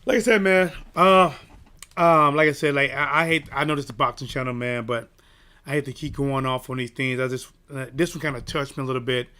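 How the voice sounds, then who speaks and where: A man hosting a boxing channel, telling a personal story in an animated, emphatic way and checking in with "right?". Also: mid-range voice, a little fast, clear, resonant tone. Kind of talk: casual storytelling rant.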